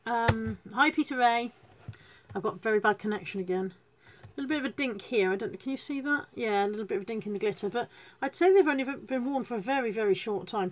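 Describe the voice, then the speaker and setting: A woman chatting casually to viewers on a live stream, self-deprecating and greeting people as she goes. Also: fairly high pitch. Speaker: reseller hosting a live stream.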